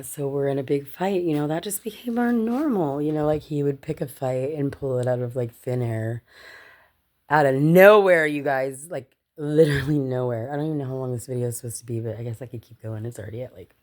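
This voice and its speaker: A woman vlogger with a low voice casually shares a personal story with her viewers. She's chatty and swears, laughing often and calling them "you guys."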